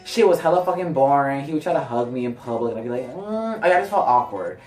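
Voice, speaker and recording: Animated young man telling a story. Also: fast, far from the mic. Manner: animated, filler-heavy, jumps pitch for quoted lines. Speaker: vlogger. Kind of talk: casual profane storytelling. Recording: roomy sound from off-mic, faint music.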